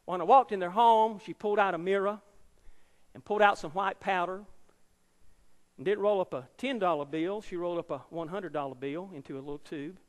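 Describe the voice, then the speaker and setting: An evangelist in his fifties delivers his testimony as a sermon to a university audience in a large auditorium, dramatic and emphatic as he acts out the people in his story. His voice is high and a little fast, trailed by long reverb.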